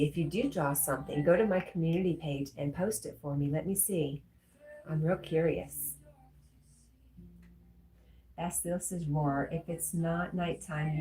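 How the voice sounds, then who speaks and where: A woman hosting a casual livestream, reading viewers' comments aloud and answering them. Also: sits low. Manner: warm, reads chat comments aloud, gets emotional. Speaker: livestream host reading chat.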